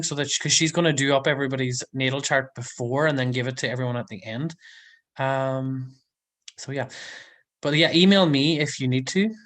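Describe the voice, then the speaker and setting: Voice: mid-range voice, fairly bright tone. Giggly chatty livestream host. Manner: chatty, giggly, rambling with many ums. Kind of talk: casual live chat reading viewer comments.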